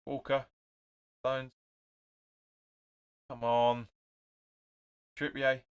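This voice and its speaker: A man in his twenties or thirties hosting a live football watch-along stream. He calls out player names in clipped bursts, chats with viewers and swears when play frustrates him. His pitch sits in the middle of the male range. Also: flat delivery, extremely slow, smooth.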